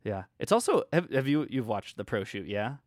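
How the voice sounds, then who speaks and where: A man's voice: medium pitch, very animated, normal speed, no room sound. A man chats away as a podcast co-host, laughing easily and letting sentences wander. His voice sits in the middle of the male range. The recording is dry and close. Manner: chatty, laughs often, trails off. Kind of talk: casual chat.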